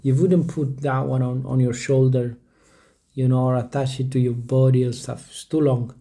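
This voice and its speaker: A man's voice: mid-range voice, little pitch movement, moderate pace, mellow. A man who is not a native English speaker, rambling casually to his viewers with lots of hesitations and restarts. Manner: stumbles over word pronunciation. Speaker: vlogger. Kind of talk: casual talk to camera.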